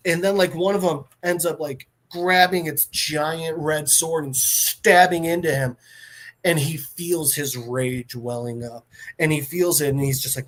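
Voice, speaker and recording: Animated man recapping a comic. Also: on the high side, unhurried. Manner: animated storyteller, many fillers. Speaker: podcast host.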